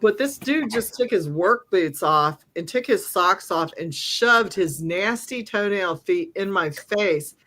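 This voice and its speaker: A woman medium on a podcast, telling stories with a bright, forward tone. She swears freely and laughs often. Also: mid-range voice, animated, takes it slowly, hardly any pauses. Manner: blunt and profane, laughs often. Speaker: psychic medium, podcast guest. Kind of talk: casual storytelling.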